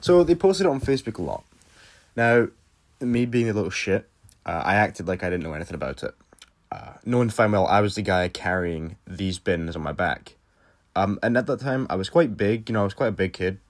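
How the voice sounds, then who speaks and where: A man's voice: on the low side, lively intonation, brisk. A young Scottish man casually telling a story from his youth, loose and self-mocking, with frequent fillers and swearing. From Scotland. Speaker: storytelling vlogger.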